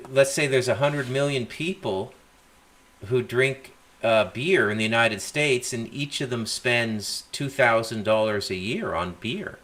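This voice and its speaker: A man's voice: medium pitch, bright, forceful tone. A man hosting a casual political monologue, chatty and emphatic with many asides. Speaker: podcast host.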